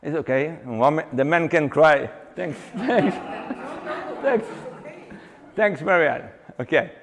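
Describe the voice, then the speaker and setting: A man, an exercise coach, giving a live seminar talk with animated storytelling, halting often and restarting his sentences. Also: on the high side. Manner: animated storyteller who acts out client dialogue; halting, with many restarts and fillers. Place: seminar venue with long reverb. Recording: reverberant hall recording.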